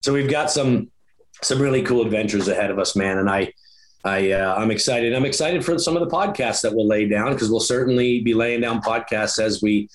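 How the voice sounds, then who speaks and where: A man's voice: fairly low pitch, fairly quick. A middle-aged man hosting a podcast, talking in a folksy, joking way with fillers. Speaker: podcast host. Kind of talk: casual podcast chat.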